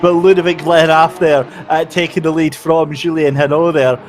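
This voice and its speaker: A man giving lively, jokey play-by-play commentary on an online sim race. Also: fairly high pitch, moderate pace, a little hiss or hum.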